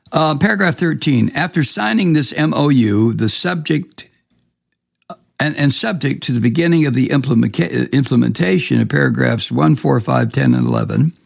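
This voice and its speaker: A man with a very gravelly, scratchy voice reads news passages aloud and breaks into scornful, profane commentary. He sounds hoarse. The recording is dry and close, with no room sound. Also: medium pitch, a little mellow, no room sound. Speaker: political commentator.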